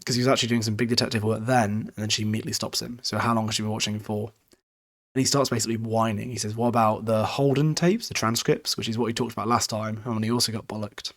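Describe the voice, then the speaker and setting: A young British man talks through a chapter recap in a loose, rambling way, swearing freely and chuckling as he goes. His voice sits low and stays fairly level. It sounds like a relaxed podcast chat. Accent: British English. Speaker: podcast host recapping a book.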